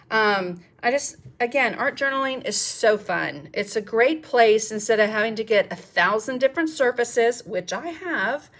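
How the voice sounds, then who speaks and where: A woman's voice: medium pitch, a bit bright. A middle-aged woman, teaching a live painting demonstration in a chatty, encouraging way and thinking aloud as she paints. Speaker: art teacher.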